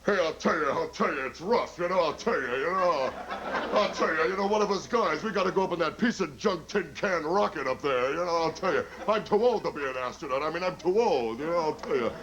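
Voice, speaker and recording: A man's voice: on the high side, expressive, fairly quick, a bit bright, lo-fi sound, voice pushed up. A man doing an impression of an aging, boastful male comedian who keeps repeating the same stock phrase. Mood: grumbling. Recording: old TV tape, audience noise.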